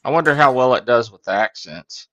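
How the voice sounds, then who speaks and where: A man from West Virginia co-hosting a podcast with dry, low-key jokes. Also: expressive, moderate pace, a bit bright, dry recording. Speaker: podcast co-host.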